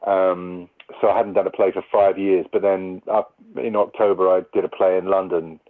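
A man's voice: sits low, little pitch movement, normal speed. A man, an actor, answering interview questions thoughtfully and often restarting sentences as he works out his ideas. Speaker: stage and TV actor. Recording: narrow phone-like radio sound.

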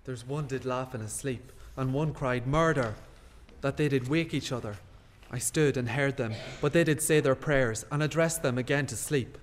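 An actor playing a guilt-haunted nobleman in classical stage style, hushed and brooding. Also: mid-range voice, moderate pace, a little hiss or hum, close to an everyday voice. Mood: shaken. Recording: long hall reverb.

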